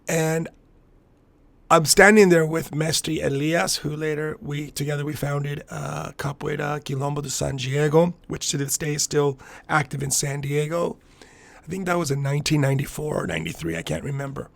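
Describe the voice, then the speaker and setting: A man's voice: fairly high pitch, moderate pace, vocal fry, a bit bright, dry recording. A man in his fifties from the US–Mexico border region, hosting a podcast and telling a reflective, rambling personal story with frequent restarts. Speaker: podcast host and capoeira master.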